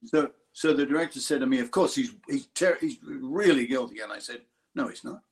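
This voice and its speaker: An older Australian actor telling a lively story in an interview, acting out other people's voices. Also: male voice, mid-range voice, a little fast. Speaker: actor guest. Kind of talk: interview anecdote.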